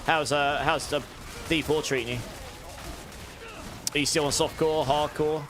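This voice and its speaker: A man's voice: on the high side, steady tone, a little slow, noisy background. An English man chatting casually with his viewers during a live game stream, rambling and answering chat as he plays. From England.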